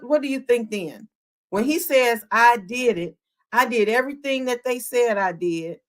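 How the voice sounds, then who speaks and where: A woman hosting a live podcast, retelling a show's scenes with energy and asking her chat questions. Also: mid-range voice. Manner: animated, talks to the chat, acts out quotes. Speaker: podcast host. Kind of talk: live-streamed show recap chat.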